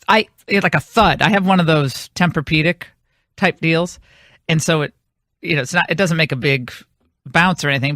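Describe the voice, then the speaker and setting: A woman's voice: fairly low pitch, a bit bright, dry recording, clean studio sound. A woman hosting a radio talk show, telling a long rambling anecdote in casual on-air chat. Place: radio studio.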